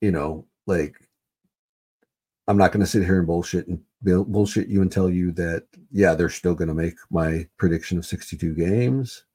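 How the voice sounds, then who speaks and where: A man's voice: low-pitched, normal speed, mellow, breathy edge. A man hosting a solo podcast, rambling and swearing, repeating himself with lots of fillers. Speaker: podcast host. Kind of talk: casual solo sports podcast rant.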